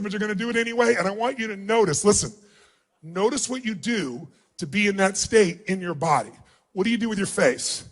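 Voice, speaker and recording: A middle-aged man giving a motivational seminar to a large crowd in a hall, commanding and often yelling instructions. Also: extremely high pitch, animated, fairly quick. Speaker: motivational speaker. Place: large hall with thousands of people.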